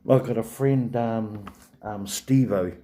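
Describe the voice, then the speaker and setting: A man's voice: on the low side, slow, dark tone. A man, hosting a live stream and rambling chattily to viewers with many fillers and restarts. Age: 40s.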